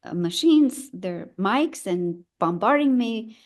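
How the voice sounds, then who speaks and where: An older woman who works as an elder midwife tells her story conversationally, animated yet reflective, stumbling at times as she looks for words. Her pitch is medium.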